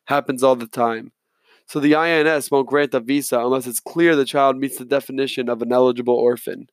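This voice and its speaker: A male reader puts on an affable middle-aged lawyer who chats easily and apologizes often. His voice sits in a middle pitch and sounds close and dry, as in a read-aloud story. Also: steady tone, fairly quick, no room sound, natural voice. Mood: explaining. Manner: chatty, apologetic, friendly.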